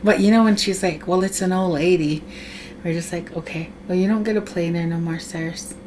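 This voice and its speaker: A woman telling a ghost story on a podcast in a casual, animated way, acting out other people's lines and laughing often. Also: on the low side, a little fast, a little hiss or hum. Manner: animated, acts out others' voices in her tales. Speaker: podcast guest, host's wife.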